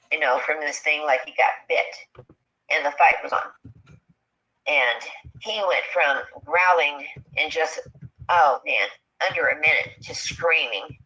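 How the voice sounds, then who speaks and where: A woman telling a personal encounter story in a halting, earnest way, full of fillers, on a dull lo-fi recording. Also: deep voice, pushed and bright. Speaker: eyewitness sharing an encounter.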